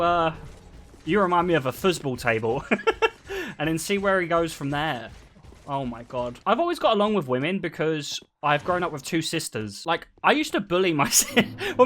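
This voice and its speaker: A young man streaming and chatting casually, telling stories in an animated way with frequent laughter. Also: a little high. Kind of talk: casual chat.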